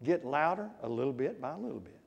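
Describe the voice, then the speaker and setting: A man's voice: medium pitch, expressive, quick pace, creaky, big-room sound, lo-fi sound. A man preaching a conversational sermon, often putting questions to his congregation. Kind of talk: interactive Bible class sermon. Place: church.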